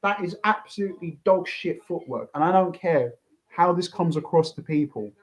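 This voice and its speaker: A man's voice: fairly high pitch, expressive, moderate pace, poor audio. Ranting, swearing man reacting to a fight. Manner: swears a lot, repeats himself, rants. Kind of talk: excited fight reaction commentary.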